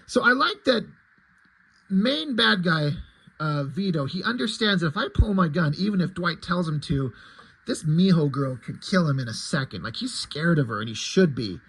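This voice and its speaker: A man's voice: a little high, animated, normal speed, fairly bright tone, slightly rough, poor audio. A man casually retelling a comic book story, enthusiastic and chatty.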